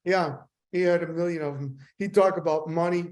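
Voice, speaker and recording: An older man, a sales trainer, telling casual stories in a rambling, animated way. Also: a little high, moderate pace. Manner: animated, rambling anecdotes with voice impressions. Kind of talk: casual storytelling.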